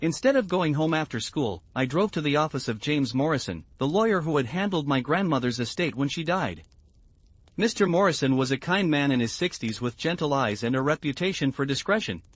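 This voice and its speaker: Man, story narration, measured and even, fairly high voice, dry close sound. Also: dry recording. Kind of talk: scripted first-person story narration.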